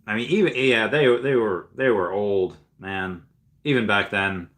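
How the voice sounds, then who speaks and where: This livestreamer has a bright, fairly low voice and an unhurried pace. Reading chat messages aloud, he replies casually in a rambling manner, full of fillers and restarts.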